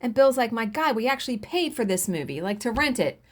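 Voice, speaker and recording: Lively, chatty woman in her forties. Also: a little high, brisk. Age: 40s. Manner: animated, swears freely, acts out others' lines. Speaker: cross-stitch vlogger. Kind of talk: casual storytelling while stitching.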